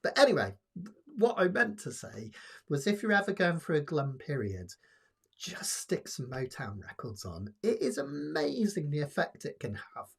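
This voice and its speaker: A man hosting a live ukulele jam, chatting in a relaxed, rambling way with lots of fillers. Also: a little high, normal speed, gravelly, husky. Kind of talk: casual live-stream teaching chat. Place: home, live stream. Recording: loud ukulele playing behind.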